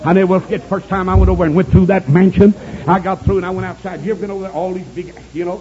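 A man with a Southern US accent preaching a revival sermon, telling folksy stories and bursting into shouts, with many "uh" fillers. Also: high voice, fairly even intonation, racing, slight background noise. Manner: shouting, exclamatory, punctuating with "uh". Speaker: evangelist preacher. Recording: dull lo-fi audio recording.

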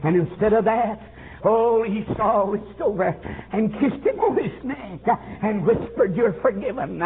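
A man preaches a revival sermon in a high, ringing voice, swooping up into shouts and dropping low again, filling gaps with "uh." The recording is thin and phone-like, an old tape with a faint hiss underneath. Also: expressive, a little slow.

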